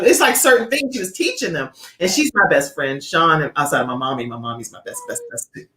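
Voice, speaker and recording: A woman's voice: on the low side, big pitch swings, brisk, bright, forceful tone. A middle-aged woman hosting a talk show, effusive and praising, reading viewer comments aloud. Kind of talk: casual chat. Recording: echoey room.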